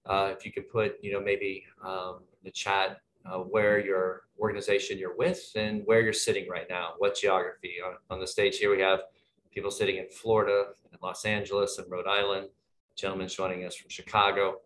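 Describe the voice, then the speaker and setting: A man's voice: deep voice, flat delivery, normal speed, a bit bright, slight background noise. A man moderating an online panel, chatty and friendly, rambling with lots of fillers over a video call. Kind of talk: casual webinar hosting.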